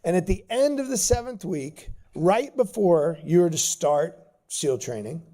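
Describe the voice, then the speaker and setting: A man speaking as a guest, recounting an anecdote with animated energy. His voice sits fairly high but has a dark, mellow tone. He tells stories with plenty of pauses and restarts. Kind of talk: storytelling talk.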